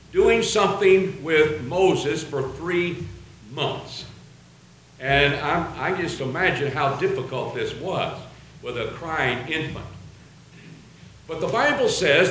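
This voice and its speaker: High-voiced guy preaching a sermon, earnest, big echoey church sound. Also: a bit bright, a little hiss or hum. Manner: earnest, quotes scripture aloud. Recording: very echoey room.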